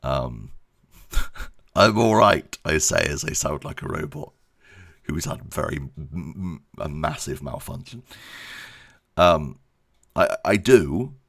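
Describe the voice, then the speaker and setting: A man's voice: extremely low pitch, vocal fry, fairly bright tone, breathy edge. A man giving a casual channel update, rambling and self-deprecating, laughing often. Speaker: YouTube creator.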